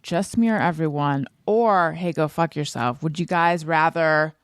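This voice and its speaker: A woman's voice: sits low, unhurried, smooth, no echo. A woman hosts a comedy podcast over a video call. She moderates in an easygoing, playful way, with a dry, close sound. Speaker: podcast host.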